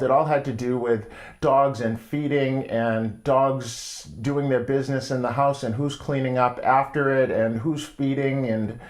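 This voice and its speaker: A middle-aged man hosting his own show, telling a story in a wry, casual monologue with frequent pauses. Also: medium pitch. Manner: wry, storytelling, pausing often. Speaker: host.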